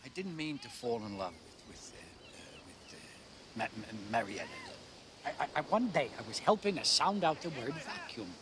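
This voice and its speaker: A man's voice: medium pitch, huge pitch swings, moderate pace, background noise. An actor playing a meek retired husband in his sixties who faked his own death, talking sheepishly, stammering and yelping. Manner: sheepish and stammering, breaking into yelps. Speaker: runaway husband. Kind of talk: TV sketch comedy acting.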